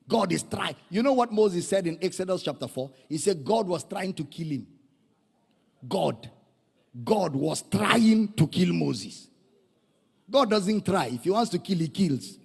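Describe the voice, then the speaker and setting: This is a high-pitched, creaky, slightly rough male voice at a measured pace, belonging to a Nigerian pastor. His sermon is dramatic and animated as he calls out to the congregation, recorded in an echoey church hall.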